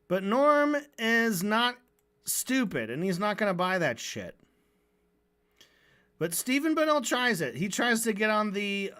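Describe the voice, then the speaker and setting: Brief: an unhurried, sarcastic streamer, mid-pitched, riffing at length with plenty of sarcasm and restarts. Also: very animated, fairly bright tone, clear, resonant tone. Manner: sarcastic, mocking, rambling with restarts. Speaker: streamer reviewing a debate. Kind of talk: casual sarcastic commentary.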